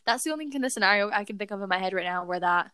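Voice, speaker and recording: A woman's voice: medium pitch, animated, rapid-fire, bright, forceful tone, clear, resonant tone, no echo. A young woman co-hosting a podcast, telling a personal story in casual chat and talking to her listeners. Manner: chatty storytelling, giggly, addresses listeners. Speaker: podcast co-host.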